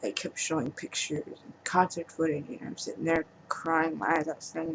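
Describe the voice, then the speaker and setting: A woman speaking in a personal vlog monologue, halting and emotional, trailing off with pauses. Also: low-pitched, steady tone, background noise. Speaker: vlogger.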